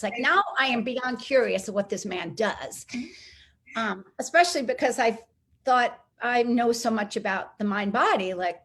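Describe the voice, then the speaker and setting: A middle-aged woman telling a personal story as an interview guest, lively and acting out the people she quotes. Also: fairly high pitch, moderate pace. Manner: animated, acts out quoted voices.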